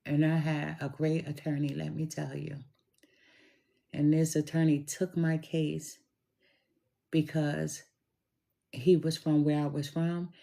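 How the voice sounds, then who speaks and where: Middle-aged woman, low mellow voice, unhurried storyteller talking straight to camera. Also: level tone, vocal fry. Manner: slow, deliberate and emphatic, addresses listener directly. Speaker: tarot reader telling a personal story. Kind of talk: casual storytelling monologue.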